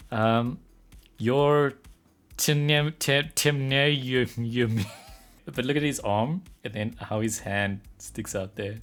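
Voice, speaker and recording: A man streaming live as an artist, thinking aloud in casual commentary, getting excited and laughing often. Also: mid-range voice, takes it slowly.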